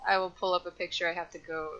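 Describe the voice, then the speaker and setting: A woman with a lowish but bright, sharp voice tells a story in an easy chatty way, dropping uh fillers as she goes. Her mic sounds dull and lo-fi. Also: flat delivery, fast. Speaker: podcast panelist. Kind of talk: casual chat.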